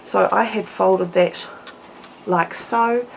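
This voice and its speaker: A woman's voice: mid-range voice, fairly even intonation, slow, gravelly, slight background noise, rough recording. A woman hosting a casual papercraft tutorial, explaining each step in a chatty way with fillers.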